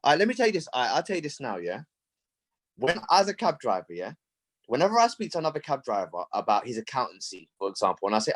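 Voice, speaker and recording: A man talks quickly and excitably, his pitch leaping up and down as he makes his point. His voice sits fairly high, and his speech is full of emphatic exclamations. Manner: animated, fast, rising exclamations. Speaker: cab driver, podcast co-host. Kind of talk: casual group chat.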